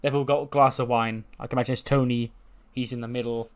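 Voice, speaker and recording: A man hosting a game series, chatty and animated as he tells the story. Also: mid-range voice, fast talker, clear, resonant tone. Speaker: game host. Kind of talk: let's play commentary, storytelling.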